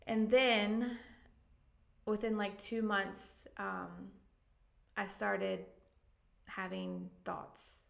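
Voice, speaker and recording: A woman with a gravelly, creaky voice tells her story in an earnest, emotional way, her pitch staying fairly flat. She speaks as a pastor who is a guest on a podcast, with frequent ums and likes. The recording sits in an echoey room. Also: drawn-out words. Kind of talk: candid personal testimony in a podcast interview.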